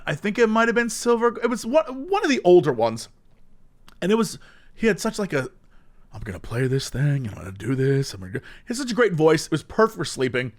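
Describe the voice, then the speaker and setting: Lively high-voiced man telling stories. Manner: animated storytelling with mimicked voices. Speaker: podcast co-host. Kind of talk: casual chat.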